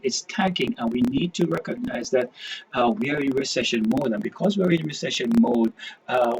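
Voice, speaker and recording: A man's voice: medium pitch, a bit bright, slightly rough, rough recording. A man hosting his own channel, talking casually to viewers in a rambling monologue, full of restarts and emphatic repeated phrases. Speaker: online preacher and channel host.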